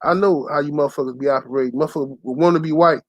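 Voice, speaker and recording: Young guy ranting to his channel, loud and cussing, higher voice, dry close sound. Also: racing, dry recording. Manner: loud, profane and heated, often shouts in quoted lines. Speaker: channel host. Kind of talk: profane storytelling rant to camera.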